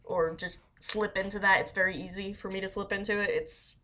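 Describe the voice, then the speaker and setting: A woman's voice: medium pitch, steady tone, fairly quick, a bit bright. Chatty woman rambling with laughs. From Florida. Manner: chatty and self-deprecating, laughs often, swears casually. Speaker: vlogger answering a voice meme questionnaire. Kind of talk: casual rambling monologue.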